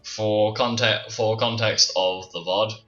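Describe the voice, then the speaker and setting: A man's voice: lowish voice, steady tone, slow, a bit bright. A man who is feeling unwell narrates a tabletop game as game master on a live stream, with a growly voice and a casual, rambling delivery full of restarts. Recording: roomy, distant, dull lo-fi stream audio with music.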